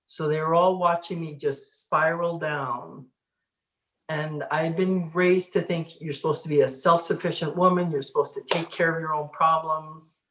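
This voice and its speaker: A middle-aged woman, a spiritual teacher, telling her life story in a casual interview, animated and laughing often. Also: deep voice, a little slow, roomy sound. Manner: animated, laughs often, acts out inner voices.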